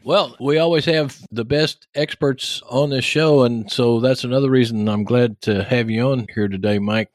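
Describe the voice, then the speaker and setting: A man's voice: mid-range voice, steady tone, normal speed, hardly any pauses, dry recording, studio quality. A man with an East Texas accent hosting a podcast interview in a folksy, upbeat, chatty way. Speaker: podcast host.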